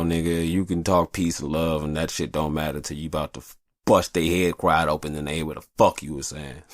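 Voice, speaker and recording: Low gravelly black dude podcasting alone, cussing, rambly, bouncy up and down delivery. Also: male voice, dry recording, studio quality. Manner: profane, rambling and confessional. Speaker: podcast host. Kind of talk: casual monologue. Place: hot upstairs room.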